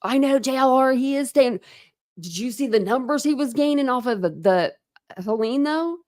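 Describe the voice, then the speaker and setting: A woman's voice: high-pitched, animated, moderate pace, a little mellow. Chatty woman hosting a livestream. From Ohio, USA. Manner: chatty, rambling, frequent fillers. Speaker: livestream host. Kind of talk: casual livestream chat.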